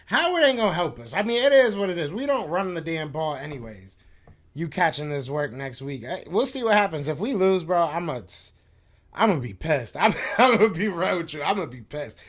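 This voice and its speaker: A man hosting a sports podcast live stream, venting in a frustrated, slangy, repetitive casual rant. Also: on the high side. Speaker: podcast host reacting to chat.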